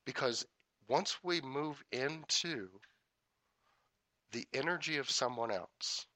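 A man teaching a spiritual talk, repeating affirmations in a measured rhythm, with folksy humorous asides. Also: medium pitch, expressive, pushed and bright, no echo. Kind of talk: inspirational talk.

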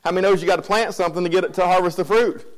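Preaching in a conversational style, this pastor keeps asking his congregation if they follow and often repeats his phrases. He speaks fast in a high, steady voice, and the recording quality is low.

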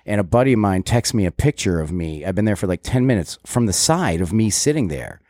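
A man with a lowish voice hosts a podcast in easy conversation. He agrees often and tells stories at a relaxed pace, and the sound is dry and close. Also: no echo. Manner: chatty, many quick agreeing fillers. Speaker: podcast host. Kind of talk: casual podcast chat.

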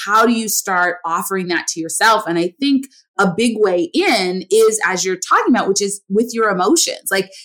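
A woman's voice: medium pitch, fairly bright tone. A woman hosting a podcast, talking in an earnest, emphatic, conversational way and often tagging her points with "right?". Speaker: podcast host. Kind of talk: casual conversational interview.

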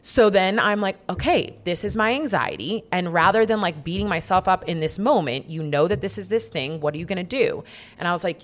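A woman with a notably low-pitched voice speaks frankly in a relaxed, casual conversation. She is a young adult who swears freely and stresses points by repeating words. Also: fairly quick.

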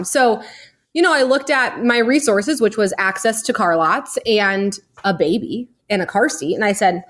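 A woman's voice: fairly high pitch, brisk. A woman in her thirties, a podcast guest, telling her story in a chatty way with many "like"s. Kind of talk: casual interview.

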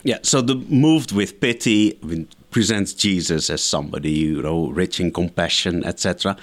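A man's voice: low voice, normal speed. A man, a scholar guest in an interview, giving methodical explanatory answers point by point. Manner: lecturing, methodical, enumerates points.

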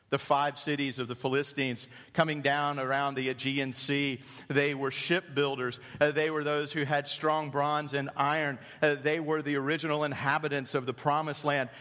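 A man preaching a sermon as a pastor, animated and storytelling, dropping to hushed tones and rising again. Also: on the high side. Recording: long hall reverb.

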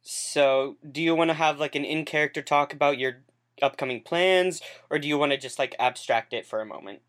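A woman's voice: sits low, fairly quick. A woman narrating as game master of a tabletop game, chatty and full of fillers.

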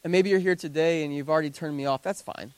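A pastor in his thirties with a high, bright-sounding voice delivers an animated sermon to a church congregation. His delivery is conversational and peppered with joking asides, and the sound is close and dry with no room echo. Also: fast, smooth. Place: church service before a congregation.

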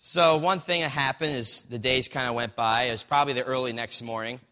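A man with a bright, forceful voice tells a story as part of a sermon. He talks loosely and conversationally, stopping for fillers and restarts, now and then reading a line from a book. His voice rings with the long reverb of a large hall. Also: medium pitch, steady tone, a little fast.

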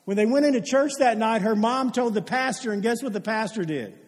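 A man's voice: sits high, brisk. A man preaching a sermon as a pastor, telling stories with earnestness and putting questions to his congregation. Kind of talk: sermon with storytelling. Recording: long hall reverb.

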